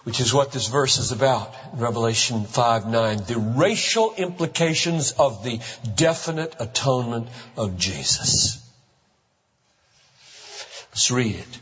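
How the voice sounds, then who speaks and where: A man preaching a sermon as pastor, emphatic and driving home points with slow, stressed phrases. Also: fairly high pitch, a bit bright. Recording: muffled hall reverb.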